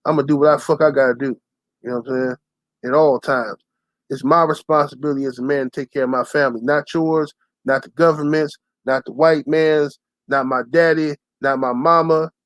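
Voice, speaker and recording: Young guy ranting to his channel, loud and cussing, higher voice, dry close sound. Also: fairly even intonation, fairly quick, no room sound. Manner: loud, profane and heated, often shouts in quoted lines. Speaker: channel host. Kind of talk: profane storytelling rant to camera.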